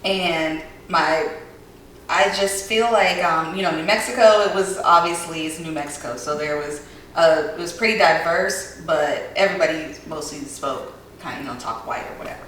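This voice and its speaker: Echoey far-off woman, low voice. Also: moderate pace, fairly bright tone. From southern United States. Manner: rambling, thoughtful, many fillers. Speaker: podcast co-host. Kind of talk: casual chat. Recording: very echoey room, mic far off, faint hiss.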